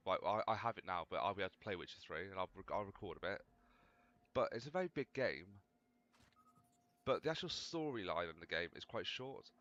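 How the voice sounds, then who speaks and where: Low-voiced guy chattering fast over a game he's playing, bit of hiss, kinda overdriven mic. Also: expressive, a bit bright, dull audio. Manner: rambling, chatty, self-mocking. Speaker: gaming video host. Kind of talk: casual gameplay commentary.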